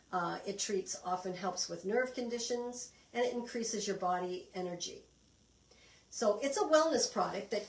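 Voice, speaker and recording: A middle-aged woman from Canada leads a relaxed wellness class in a chatty, encouraging way, often stopping to restart a phrase. Her voice sits at a medium pitch. It sounds roomy and somewhat distant from the mic. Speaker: wellness instructor.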